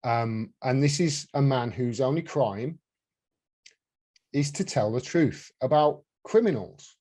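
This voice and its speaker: Male host, heated and indignant, mellow dark tone, mid pitch. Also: lively intonation, slow pace. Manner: heated, indignant, swears freely. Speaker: podcast host. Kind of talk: casual political chat.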